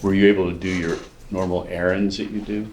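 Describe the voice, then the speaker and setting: A lawyer questions a witness in a courtroom. His voice is very deep, measured and slowed by fillers, with a faint hiss behind it. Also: flat delivery, darkish tone. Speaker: attorney. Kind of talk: direct examination.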